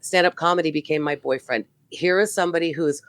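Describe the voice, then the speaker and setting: A middle-aged woman, a stand-up comedian, telling animated stories as a podcast guest, swearing freely and laughing often. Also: sits low, quick pace, no echo. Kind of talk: casual podcast chat.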